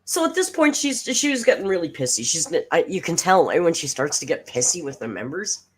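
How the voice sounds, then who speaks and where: A woman's voice: lowish voice, very animated, fairly quick, breathy edge. A woman hosting a casual livestream reaction, sarcastic and swearing freely as she reads comments aloud. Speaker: reaction streamer host.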